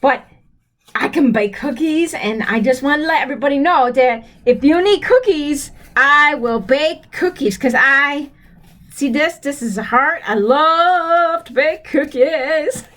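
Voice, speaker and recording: A woman with a high, light voice rambles along like an eager child, stopping and restarting with lots of ums. She is excitable and giggly, and she has a slight cold. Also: unhurried. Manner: breaks into giggles. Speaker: storyteller character.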